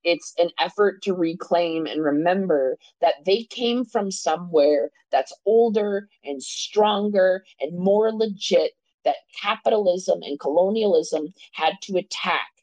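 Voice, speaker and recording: A woman's voice: lowish voice, a little slow, few pauses, darkish tone, no echo, rough recording. A woman co-hosting a podcast, talking passionately in casual discussion, swearing freely and often checking in with "right?". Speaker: podcast co-host.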